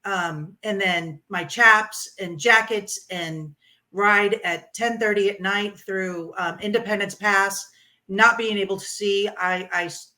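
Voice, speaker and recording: Bright-voiced woman telling a road story. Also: medium pitch, takes it slowly. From Florida. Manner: animated, laughing, with many ums and restarts. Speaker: interviewee, motorcycle rider. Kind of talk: casual storytelling interview.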